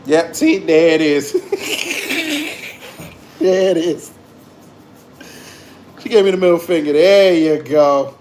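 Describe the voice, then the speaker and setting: A man's voice: on the high side, takes it slowly, pauses often, warm tone, a little hiss or hum. Teasing New man with a laugh. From New York. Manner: teasing, slangy, laughs often. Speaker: livestream host. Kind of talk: casual livestream banter with chat.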